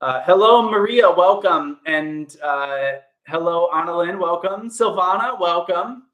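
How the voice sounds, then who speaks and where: A man's voice: high-pitched, unhurried, fairly bright tone. A young man, an actor, chatting casually on a livestream and greeting viewers by name in an upbeat way. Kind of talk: casual livestream chat answering viewer comments. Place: indoor home room. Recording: echoey room sound.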